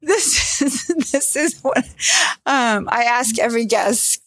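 Playful lady doctor hosting her podcast, kinda high voice, laughs a lot. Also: animated, slow pace, fairly bright tone, no room sound. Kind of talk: casual chat.

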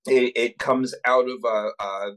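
A man co-hosting a podcast who talks in a measured, analytical way, pausing to search for the right words. His voice is mid-pitched and plain. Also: steady tone, fairly bright tone, rough recording. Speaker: podcast co-host. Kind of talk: casual podcast discussion.

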